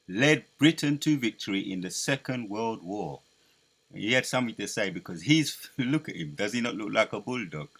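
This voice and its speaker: A man preaching commentary, emphatic and repetitive, building up to loud declaiming as he reads scripture. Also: mid-range voice, gravelly.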